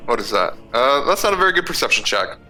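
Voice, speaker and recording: A man playing a tabletop game, asking eager, quick questions. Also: mid-range voice, very animated, music in the background. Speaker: player.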